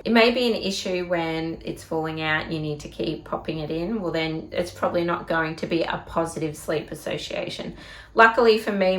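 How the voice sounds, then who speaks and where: A chatty Australian woman with a lowish voice gives parenting advice in a casual vlog. She talks directly and emphatically, and her voice rings around an echoey room. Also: fairly bright tone. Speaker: parenting vlogger.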